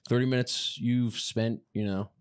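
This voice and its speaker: A man's voice: mid-range voice, steady tone, moderate pace, clear, resonant tone, no room sound, studio quality. A man appearing as a guest on a comedy podcast, telling rambling stories in casual chat.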